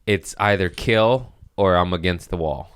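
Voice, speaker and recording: A man's voice: low voice, unhurried, clear, resonant tone, dry recording, clean studio sound. A man in his thirties hosting a podcast, telling stories in a profane, rambling casual chat. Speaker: podcast host, comedian.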